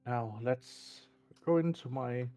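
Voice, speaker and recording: A man playing a calm male tattoo artist who talks in a slow, gentle, reassuring way. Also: medium pitch, soft background music, natural voice.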